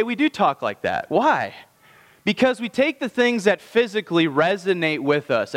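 Male pastor, sermon; slightly high voice, conversational delivery with slow emphasis, long hall reverb. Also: a bit bright.

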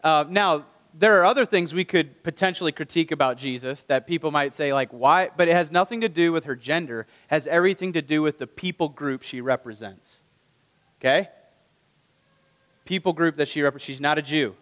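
A man's voice: a little high, a little fast, a bit bright, big-room sound. A man preaching a conversational sermon, asking the listeners rhetorical questions and acting out the lines of the people in the story. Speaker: pastor.

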